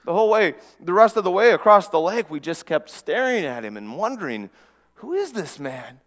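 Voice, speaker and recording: A man preaching a dramatic first-person story, earnest, often dropping to a hush and repeating words as he goes. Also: sits high, animated, fairly quick, in a large hall. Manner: earnest, with frequent restarts and dramatic hushes.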